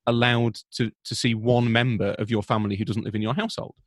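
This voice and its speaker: A man from Britain, a football journalist, talking through the news on a podcast in a measured, analytical way with frequent restarts. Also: mid-range voice, little pitch movement, no room sound, clean studio sound. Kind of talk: conversational podcast commentary.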